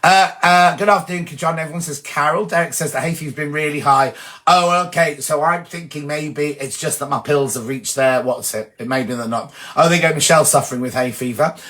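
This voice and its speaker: Man, fairly high voice, casual live-stream host, gossipy, reads comments aloud. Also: a little fast, fairly bright tone. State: sneezing from hay fever. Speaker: host reading viewer comments.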